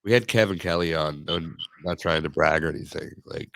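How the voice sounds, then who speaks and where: A young man hosts a podcast in loose, rambling chat, joking as he goes. His voice sits very low with a gravelly fry, and the sound is close and dry. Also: fairly quick, a bit bright, no echo. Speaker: podcast host. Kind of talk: casual chat.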